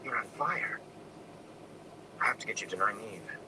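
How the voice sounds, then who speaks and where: A man's voice: fairly low pitch, lively intonation, normal speed, natural voice. A man voicing an anxious young farm lad who asks worried, whispered questions. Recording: distant mic with air conditioning noise.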